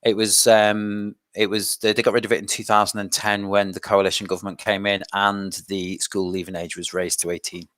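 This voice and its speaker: A man's voice: lowish voice, level tone, a little fast, few pauses, fairly bright tone, no room sound. A man explaining education policy in a live online revision lesson, hesitant and full of self-corrections. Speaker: revision session presenter.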